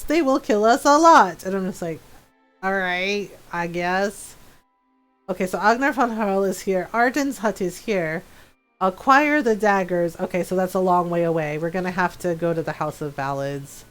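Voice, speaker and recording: A woman with a medium-pitched voice streams a game and chats casually, laughing often and acting out quotes from the people she mentions. The audio is poor.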